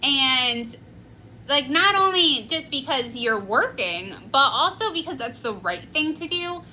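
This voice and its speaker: Woman in her 20s, casual storyteller, slow unhurried delivery. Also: high-pitched, expressive, pushed and bright, slight background noise, rough recording. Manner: chatty, many "like" fillers. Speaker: vlogger.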